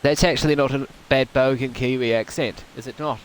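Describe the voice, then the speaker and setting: A man's voice: medium pitch, fairly even intonation, a little fast, slight background noise, poor audio. A man, streaming a game and chatting casually with viewers in a rambling way, laughing often. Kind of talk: casual gaming livestream chat.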